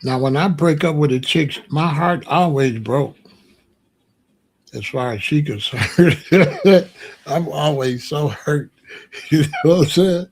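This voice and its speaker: A man's voice: on the high side, animated, slow pace, slightly rough. A man hosting a casual commentary show, talking bluntly and joking, often laughing at his own points. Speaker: show host.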